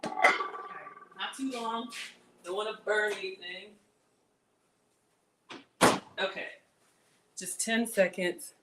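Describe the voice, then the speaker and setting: A woman hosting a casual live cooking stream from her kitchen, chatty and excitable, talking straight to her viewers as she cooks. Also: mid-range voice, extremely slow, long pauses, very noisy. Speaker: cooking livestream host. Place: home kitchen.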